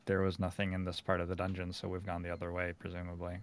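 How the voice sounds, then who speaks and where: A man's voice: deep voice, monotone, quick pace. A man playing in a tabletop game, thinking aloud in loose casual chat. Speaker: player.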